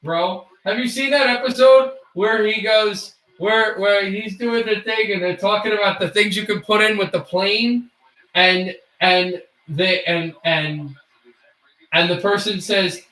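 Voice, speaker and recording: A man's voice: sits high, steady tone, unhurried, pushed and bright, reverberant, poor audio. A young man from the United States giving casual play-by-play hockey commentary on a livestream, often stammering and repeating words.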